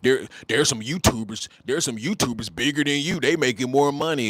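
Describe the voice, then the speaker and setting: Twenties male streamer, blunt and mocking, mid-pitched, slangy talk. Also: a little fast, background noise. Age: 20s. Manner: blunt, mocking, slangy banter with repeated phrases. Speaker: livestream host. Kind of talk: casual livestream commentary.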